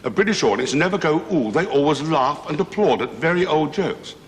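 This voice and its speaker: A man as guest comedian on a TV variety show, telling jokes in a measured, patient way with assured asides. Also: on the high side, lively intonation, very noisy. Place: TV studio with live audience. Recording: roomy studio with long reverb.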